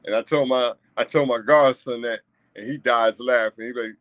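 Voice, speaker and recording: A man's voice: mid-range voice, steady tone, brisk, a bit bright, no room sound, rough recording. A man talking to his viewers in a casual commentary monologue, emphatic and repetitive, checking in with asides and chuckling between points. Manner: emphatic and repetitive, frequent "you know what I'm saying" asides. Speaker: vlogger commenting on a news story.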